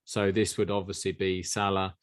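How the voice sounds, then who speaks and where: A man's voice: low voice, flat delivery, normal speed. A man co-hosting a podcast, reading listener questions and chatting wryly. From southern England. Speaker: podcast co-host.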